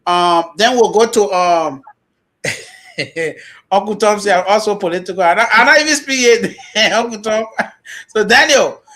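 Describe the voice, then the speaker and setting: A man's voice: high voice, measured pace, long pauses, pushed and bright. A man with a Liberian English accent hosting a live call-in talk show in a loose, rambling, teasing way. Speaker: host.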